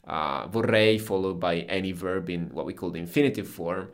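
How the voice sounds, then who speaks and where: A man with a very deep voice and an Italian accent teaches his own language in a relaxed conversational lesson. He explains each point patiently and clearly, with a native speaker's ease. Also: moderate pace.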